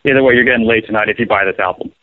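Touring bassist guest, young man, joking and swearing, phone-line sound. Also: very fast, no echo. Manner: rambling storyteller, profane and joking. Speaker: touring bass player, guest. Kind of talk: casual interview.

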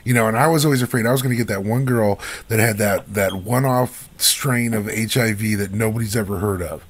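Laid-back lower-voiced male host. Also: brisk. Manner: laid-back, says "man" a lot. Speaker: podcast host. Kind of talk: casual interview.

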